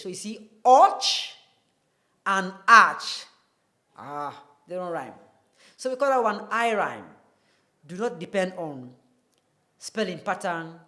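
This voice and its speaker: A woman teaching an English lesson on television, explaining slowly and spelling words out letter by letter. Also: lowish voice, a bit bright. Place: TV studio.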